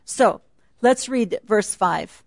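A woman's voice: mid-range voice, lively intonation, slow, creaky, dry recording. A woman speaking at a retreat, teaching a Bible passage in a chatty, laughing sermon style.

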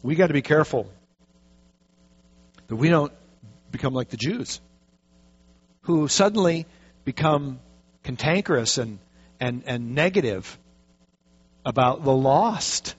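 A man preaching a sermon, telling a story with lively, animated delivery and acting out the quotes. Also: mid-range voice, a little slow, pauses often, breathy edge. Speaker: pastor. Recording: dull lo-fi recording.

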